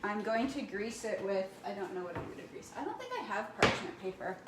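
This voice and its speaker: In an echoey kitchen, a chatty woman cooks while talking on camera, rambling and often dropping "right?" and "like". Her mid-range voice is very animated and brisk, captured by the camera mic amid heavy background noise.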